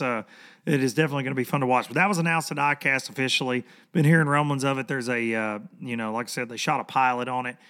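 A man hosting a fishing podcast in casual chat, hoarse from losing his voice, rambling and repeating words for emphasis. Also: medium pitch, bright, forceful tone.

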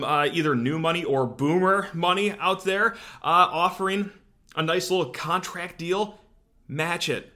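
A man hosting a college football show, giving animated, sarcastic opinion commentary with frequent fillers. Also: fairly high pitch. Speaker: sports podcast host.

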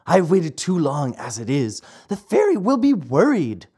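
A storybook narrator voicing an eager, dreamy wooden marionette boy whose talk keeps rising into excited high cries. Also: measured pace, slightly rough, full character voice.

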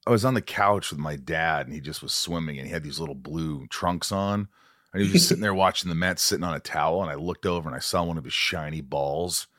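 A man hosting a podcast, telling stories animatedly and yelling out quoted lines in casual chat. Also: very deep voice, quick pace, dry recording, studio quality. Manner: animated storyteller, yells when acting out quotes. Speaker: podcast host.

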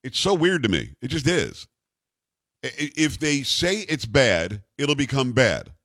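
A man's voice: mid-range voice, very animated, a little slow, a bit bright, dry recording. A man hosting a talk radio show, delivering a sarcastic, emphatic political monologue into a studio microphone.

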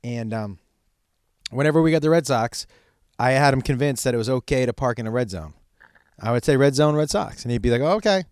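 A middle-aged man telling a profane, animated comedic story about his son. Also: medium pitch, fairly quick, pauses often, clean tone, no room sound, studio quality. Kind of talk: stand-up style storytelling.

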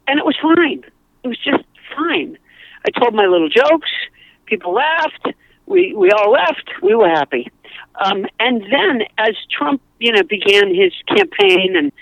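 A woman's voice: high-pitched, vocal fry, no room sound, lo-fi sound. A woman comedian chatting as a podcast guest, telling rambling anecdotes with many restarts. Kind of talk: casual podcast chat.

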